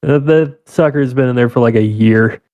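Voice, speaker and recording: A man's voice: mid-range voice, dark tone, dry recording, dull audio. Rambling man telling a story, dry close mic. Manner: rambling, profane, drawn-out pauses. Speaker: podcast co-host. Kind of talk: casual storytelling chat.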